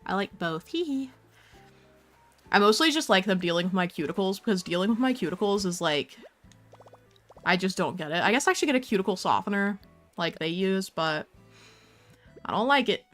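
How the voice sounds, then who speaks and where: A woman's voice: mid-range voice, lively intonation, moderate pace, long pauses, a bit bright, soft background music. A young woman casually chatting on a game stream, playful and talkative, talking to her cat and viewers.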